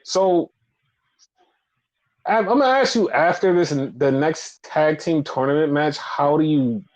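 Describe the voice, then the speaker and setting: Man, podcast co-host, casual chat, profane, repetitive rant, fairly high pitch. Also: unhurried, low-quality recording.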